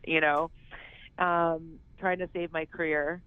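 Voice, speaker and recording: Rambling actress on a tinny phone line. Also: female voice, sits low, level tone, normal speed, clear, resonant tone, no echo. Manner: rambling, heavy use of "like" and "you know". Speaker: actress, interview guest. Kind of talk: casual phone interview.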